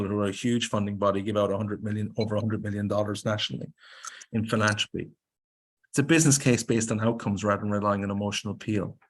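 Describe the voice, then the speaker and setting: A man with an Irish accent giving a webinar presentation on grants, speaking briskly and emphatically and firing off rhetorical questions. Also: lowish voice.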